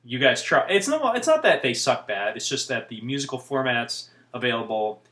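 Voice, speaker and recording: A man rambles to camera in a relaxed vlog, drifting from one thought to the next with wry asides. His voice sits at a middle pitch, and the room around him rings with noticeable echo. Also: moderate pace. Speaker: vlogger. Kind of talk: casual chat to camera.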